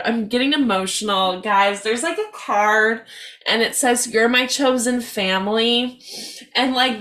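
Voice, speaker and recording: A woman's voice: on the high side, bright, forceful tone. A young woman hosting a podcast, chatting in a gushing, upbeat and slangy way. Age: young adult. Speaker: podcast host. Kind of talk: casual chat.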